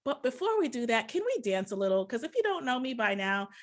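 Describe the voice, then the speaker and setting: An upbeat woman with a fairly high voice leads an online business workshop from her office. She talks straight to her viewers and keeps the energy hyped, breaking into cheers and snatches of song at times. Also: big pitch swings, fast talker. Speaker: workshop presenter and business coach.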